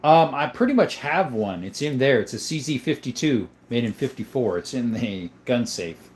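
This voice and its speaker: A man's voice: mid-range voice, sing-song, moderate pace, a little hiss or hum. A young adult man hosting a casual livestream, reading viewer comments aloud and answering them in a loose, conversational way. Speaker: livestream host.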